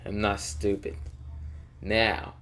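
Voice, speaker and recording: A man's voice: lowish voice, level tone, slow pace, fairly bright tone. A man voicing a threatening male ninja uncle who mocks and menaces, in a spoken fan story. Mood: menacing. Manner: menacing, mocking.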